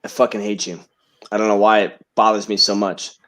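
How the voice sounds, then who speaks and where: A man's voice: fairly low pitch, flat delivery, fairly quick, fairly bright tone. A man co-hosting a podcast, talking bluntly and swearing in casual banter. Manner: profane, blunt ranting. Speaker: podcast co-host.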